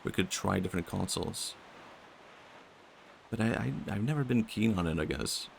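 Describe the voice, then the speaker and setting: A young man with a Swedish accent and vocal fry, chatting softly and musing aloud while streaming a game. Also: low-pitched, lively intonation, moderate pace, slight background noise. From Sweden. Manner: soft-spoken, musing, talks to chat. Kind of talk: casual game-stream chat.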